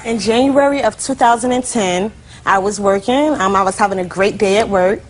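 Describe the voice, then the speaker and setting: A woman's voice: medium pitch, moderate pace, slight background noise. A woman in her twenties, a plaintiff in a TV courtroom, telling her story chattily with lots of "like" and "you know". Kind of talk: courtroom testimony.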